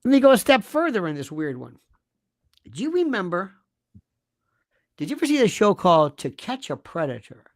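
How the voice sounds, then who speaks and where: A man's voice: high voice, sing-song, normal speed, pauses often. A man speaking as a guest commentator, arguing emphatically with rhetorical questions and acting out quoted voices. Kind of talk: animated conversational argument.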